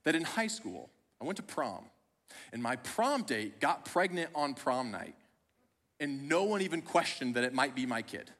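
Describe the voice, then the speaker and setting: A man's voice: mid-range voice, big pitch swings, moderate pace, a bit bright. A young man, a pastor, telling a personal story in a sermon with a conversational, self-deprecating humor. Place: church auditorium. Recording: long hall reverb.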